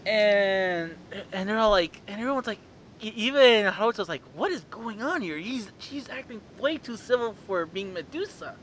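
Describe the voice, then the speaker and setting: A man co-hosting a casual review podcast, excitable and jumping high in pitch when quoting. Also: normal speed, slight background noise. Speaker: podcast co-host.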